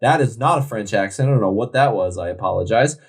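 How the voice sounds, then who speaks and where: A man's voice: fairly low pitch, expressive, fast talker, husky. A man co-hosting a beer podcast, chatting casually with goofy jokes and asides. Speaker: podcast co-host. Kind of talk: casual beer review chat.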